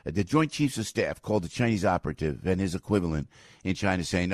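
A man hosting a morning radio talk show, talking in a casual, opinionated way, excitable and jokey, often jumping loud and high. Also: quick pace, dry recording, studio quality. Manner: animated, excitable, jokey, swings loud and quiet.

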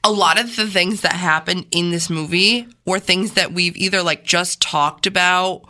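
A woman cohosting a morning radio show, chatty and emphatic, with quick asides. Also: fairly low pitch, steady tone, sharp tone. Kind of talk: casual radio banter.

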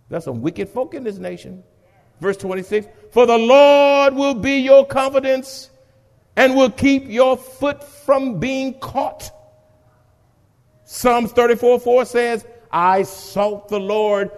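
A man preaching a sermon, reading scripture and calling on the congregation to repeat after him, swinging from hushed lines to shouts. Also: sits high, animated, slow pace. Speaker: pastor. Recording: long hall reverb.

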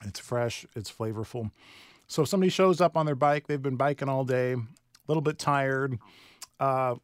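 A man's voice: medium pitch, moderate pace, clear, resonant tone, dry recording. Enthusiastic male radio host tasting food. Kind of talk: live on-location radio interview. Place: restaurant.

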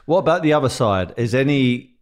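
A man's voice: mid-range voice, animated, fairly quick. A man hosting a podcast, asking long, winding questions with restarts and fillers. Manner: rambling, searching questions. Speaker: podcast host. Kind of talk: casual podcast interview.

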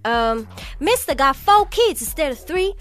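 A weary Southern countrywoman drawls her way through a list of troubles, her voice riding high and swooping as each complaint lands, as an actress puts her on. The American Southern accent is thick and deliberate. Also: sing-song, a bit bright, soft background music, exaggerated voice.

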